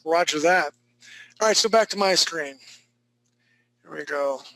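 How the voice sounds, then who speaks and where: Male art teacher, fairly high and gravelly, chatty and joking while giving feedback. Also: a little slow, sharp tone, rough recording. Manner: joking, laid-back, chatty. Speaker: art instructor. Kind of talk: live online drawing class critique.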